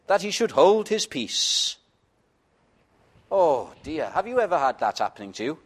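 A male preacher delivering a sermon at an unhurried, deliberate pace. His voice sits a little higher than most men's, earnest and pleading, sometimes sinking to a hushed, intimate tone. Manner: earnest, pleading, pauses and drops to a quiet intimate tone.

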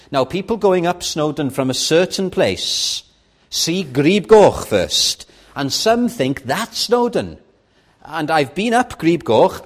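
Slow, lively-voiced male preacher. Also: medium pitch. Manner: earnest, rising to urgent pleading; reads scripture aloud with slow emphasis. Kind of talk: sermon.

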